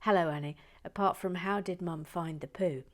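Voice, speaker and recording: A woman reads listener messages aloud in a casual, giggly chat, interrupting herself and often trailing off into whispers. Her voice is lowish and moderately paced.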